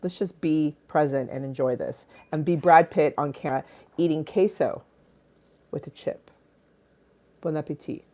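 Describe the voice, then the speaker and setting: A woman hosting a casual livestream on her phone, playful and crude, swinging between loud bursts and low mutters. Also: moderate pace, long pauses. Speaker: livestream host. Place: Los Angeles home.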